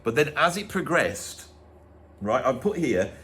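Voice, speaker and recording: A Birmingham man in his fifties hosts a casual album-ranking chat, and his pitch swings widely as he talks. He is chatty and animated, and he often quotes his own reactions. A faint hiss sits in the background. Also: measured pace. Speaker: podcast host. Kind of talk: casual music review chat.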